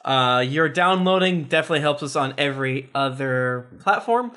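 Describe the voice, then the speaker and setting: A man's voice: medium pitch, animated, normal speed, sharp tone. A male podcast host bantering jokily and reading listener reviews aloud in casual chat. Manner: jokey, playfully provocative.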